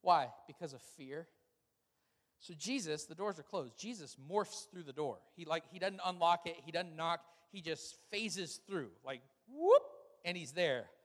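Speaking a little slowly, a fairly high-voiced pastor animates his sermon with funny stories. His voice carries a long reverb, like it's echoing through a large hall.

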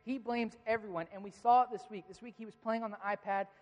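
A man in his thirties preaching a sermon, telling stories about his children and acting out their lines with animated voices. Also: sits high, fast talker. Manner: storytelling, animated when quoting his kids. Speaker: pastor. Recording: long reverb of a large hall.

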